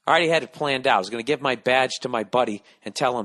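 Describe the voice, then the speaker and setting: Man, middle-aged, American, podcast host, profane, animated comic storytelling. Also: medium pitch, racing, hardly any pauses. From United States. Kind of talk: casual comedic monologue.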